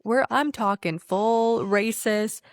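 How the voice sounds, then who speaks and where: A woman's voice: fairly high pitch, slow, no echo, studio quality. A woman co-hosting a podcast in casual political chat, emphatic and profane, laughing often. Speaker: podcast co-host.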